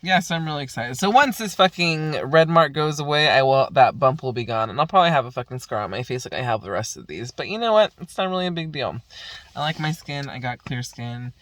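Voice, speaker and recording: A woman's voice: low-pitched, animated, a little fast, no room sound. Crude, rambling woman vlogger. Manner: crude, profane, rambling with constant fillers. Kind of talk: casual storytelling chat.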